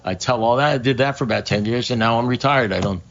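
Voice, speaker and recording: A man's voice: mid-range voice, fast talker, fairly bright tone, natural voice. A man voicing a boastful retired male talking dog who rambles matter-of-factly about his spy career, on a slightly muffled recording. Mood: bragging. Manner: rambling, matter-of-fact bragging.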